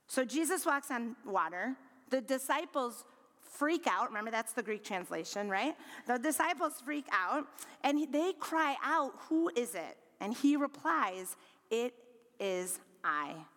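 A woman preaching a sermon, expressive, rising to bright emphasis and dropping to low, quiet lines. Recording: long hall reverb.

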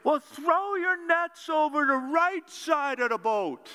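A man's voice: very high voice, expressive, takes it slowly, sharp tone, big-room sound, voice pushed up, heavily acted. A man putting on a cheerful, pushy stranger calling out from the shore. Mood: teasing.

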